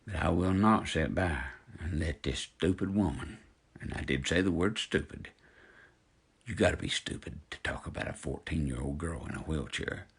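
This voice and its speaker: An outraged social media figure in his fifties addresses his online followers in a direct-to-camera rant, sermonizing and calling people out. He has a husky bass voice with vocal fry and speaks at normal speed.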